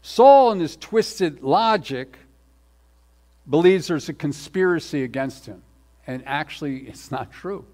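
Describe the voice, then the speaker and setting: A man preaching a sermon as pastor, emphatic, repeating words for stress and swinging between loud and soft. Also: fairly high pitch, expressive, measured pace.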